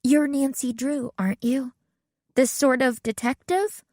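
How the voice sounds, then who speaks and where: A woman's voice: sits high, steady tone, a little mellow, no echo, clean studio sound, voice pushed up. A woman voicing an eager young teenage girl who gushes apologies in an audiobook. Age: child of 13 or 14 as played. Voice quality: rushed, gushing apologies.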